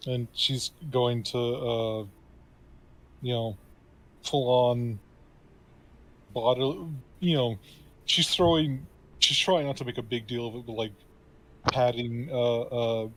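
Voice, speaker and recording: A man playing a tabletop game, talking casually in halting bursts with many fillers. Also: medium pitch, fairly even intonation, a bit bright, poor audio. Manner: halting, lots of fillers and restarts. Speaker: player.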